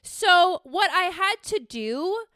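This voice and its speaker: A young woman from the Bay Area hosting a podcast, telling a story in a rambling, animated way with lots of "like". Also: very high voice, slow, no echo, studio quality. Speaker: podcast host. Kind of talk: casual storytelling chat.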